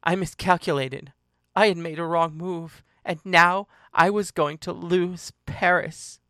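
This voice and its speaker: A narrator reading a first-person story aloud in a slow, emotional, deliberate way. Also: medium pitch, steady tone, pushed and bright, no echo, studio quality.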